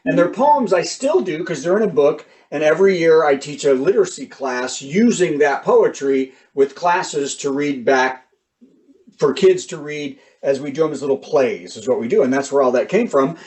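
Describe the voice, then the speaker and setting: A man doing stand-up comedy on a video call, telling lively jokes and stories. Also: a little high, moderate pace, far from the mic, poor audio. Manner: animated, joking, lively storytelling.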